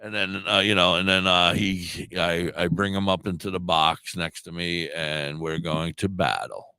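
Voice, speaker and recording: Deep, smooth-voiced man rambling. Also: steady tone, moderate pace, bright, forceful tone, dry recording. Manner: rambling, swears freely, self-deprecating. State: sore throat. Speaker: podcast co-host. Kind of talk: casual storytelling chat.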